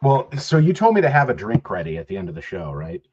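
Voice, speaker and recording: A man's voice: low voice, wildly swooping pitch, fast, a little mellow, dull audio, a little hiss or hum. A man co-hosting a podcast, telling rambling, profane stories in casual chat. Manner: rambling, profane storytelling with laughs. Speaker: podcast co-host.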